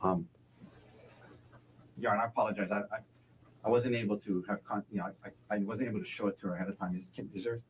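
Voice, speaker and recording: A man as a defense attorney cross-examining a witness in court, halting and repeating words, closing each point with a leading question. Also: lowish voice, fairly even intonation, slight background noise, low-quality recording.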